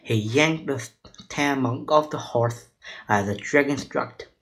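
Male storyteller reading to kids; unhurried, careful, non-native phrasing. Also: medium pitch, fairly bright tone, low-quality recording. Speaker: storyteller for children.

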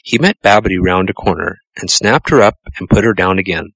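A man reads a children's storybook aloud in a measured, gentle way. His voice sits low and even. The recording is close and dry, with no room sound. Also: breathy edge, no echo, rough recording. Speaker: narrator. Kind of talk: storybook reading.

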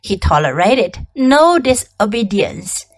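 A woman teacher narrating a storybook aloud, reading clearly and deliberately. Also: mid-range voice, very animated, rough recording. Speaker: English teacher.

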